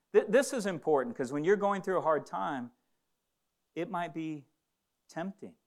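A pastor preaches to his congregation in a high, animated voice. He trips over his words and starts phrases again, then drops to a hush for the serious points. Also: measured pace, long pauses. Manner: preaching with many restarts, swings between loud emphasis and hushed asides. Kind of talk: sermon. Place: church building with congregation.

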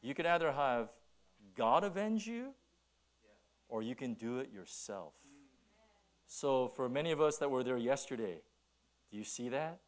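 A middle-aged man preaching a sermon as pastor, telling stories with many restarts and then slowing down to stress his points. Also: medium pitch. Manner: animated storytelling with many restarts, then slow emphatic preaching.

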